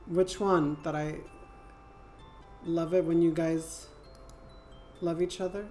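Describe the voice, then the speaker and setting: Woman streamer, French accent, lowish voice, casual playful chatter. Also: fairly even intonation, takes it slowly, dark tone, faint music behind. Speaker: game streamer. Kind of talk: casual gameplay chat.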